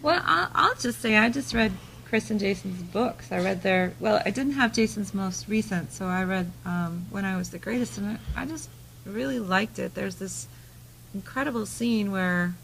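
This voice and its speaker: Woman author on a panel, gravelly voice, emphatic casual advice, faint background noise. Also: mid-range voice, normal speed, a bit bright, poor audio.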